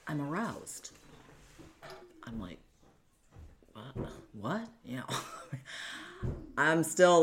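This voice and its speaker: Very deep-voiced woman telling her story. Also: slight background noise. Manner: earnest, halting, with frequent fillers and restarts. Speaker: guest recounting domestic abuse. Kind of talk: personal storytelling in an interview.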